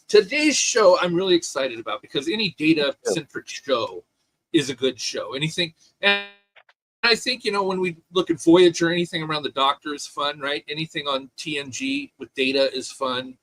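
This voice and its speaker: A man co-hosting a casual podcast chat, opinionated and animated, with many restarts. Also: on the high side, normal speed, a little hiss or hum, rough recording. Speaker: podcast co-host.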